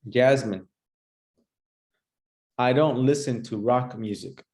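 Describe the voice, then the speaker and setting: A male English teacher with a mid-range voice who leads the class at a brisk pace. He moves quickly from student to student and hands out praise as he goes. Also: medium pitch, a little mellow. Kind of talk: playful classroom sketch.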